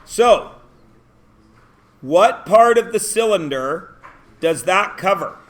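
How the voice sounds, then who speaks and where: A man's voice: sits high, animated, slow. A man teaching a math class, asking the students questions and often answering them himself. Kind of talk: classroom lesson.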